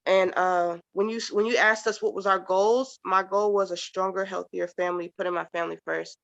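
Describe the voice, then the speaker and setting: A woman in a casual group chat, speaking thoughtfully and hesitantly, with many pauses. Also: medium pitch, fairly even intonation, vocal fry, fairly bright tone, no room sound, highs cut off. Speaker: participant.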